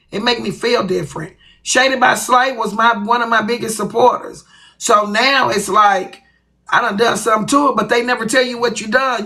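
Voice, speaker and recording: A woman's voice: fairly high pitch, bright, forceful tone. A woman hosting a livestream, talking bluntly and profanely to her viewers in a confrontational rant. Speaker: livestream host.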